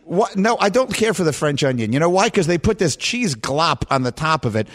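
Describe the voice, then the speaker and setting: A man hosts a sports radio show, his voice a little high and swinging widely in pitch. He argues with lively indignation in casual studio banter. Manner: animated, indignant, quick to argue.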